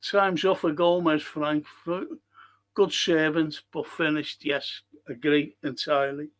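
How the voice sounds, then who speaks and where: A man's voice: fairly high pitch, little pitch movement, fairly bright tone. Sweary blunt man hosting a football watchalong. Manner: blunt, sweary, quick to anger. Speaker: podcast host reading live chat. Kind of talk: live football watchalong chat.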